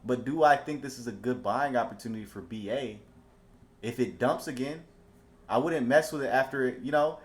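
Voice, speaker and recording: Dude talking stocks over charts, mid pitch, gets hyped then chills out, keeps restarting. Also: male voice, normal speed. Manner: animated, swings from calm to excited; repeats himself and restarts often. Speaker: stock market commentator. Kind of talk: casual market commentary over charts.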